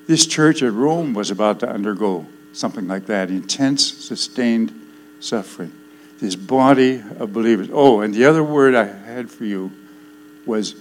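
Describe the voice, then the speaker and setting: An older man preaching a sermon, swinging between loud declarations and hushed, solemn passages. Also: mid-range voice, rough recording.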